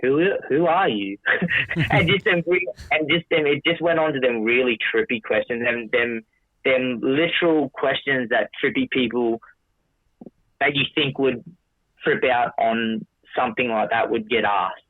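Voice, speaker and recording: Speaking a little slowly at medium pitch, a podcast guest spins a long, casual story full of false starts, swearing, and quotes of what he said. There's no room sound, and the audio is dry and tinny like a phone call.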